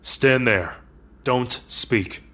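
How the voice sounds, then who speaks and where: A man's voice: mid-range voice, bright, forceful tone, heavily acted. A man doing a curt, nervous warehouse boss. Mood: urgent. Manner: curt, commanding, hurried. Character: terse, nervous male warehouse supervisor.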